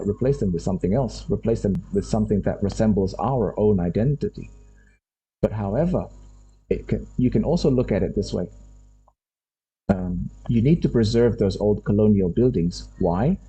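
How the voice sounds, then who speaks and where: A university lecturer from Indonesia talks a class through his point in English. His voice is very husky and deep-toned, with a rather low pitch. He works through ideas aloud, often repeating himself. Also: warm tone, rough recording. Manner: unhurried, thinks aloud, often repeats phrases.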